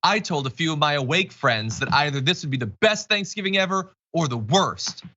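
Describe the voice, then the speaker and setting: A man hosts a casual online news show, his voice bright and animated as he jokes wryly through the stories. His pitch sits a bit high for a man. The stream audio is somewhat dull and lo-fi. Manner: wry, joking, fast asides. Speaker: show host.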